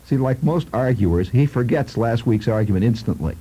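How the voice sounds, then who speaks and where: A man's voice: mid-range voice, expressive, moderate pace, mellow, husky, poor audio. A man telling a humorous childhood story in a rambling, conversational way with asides to his listeners.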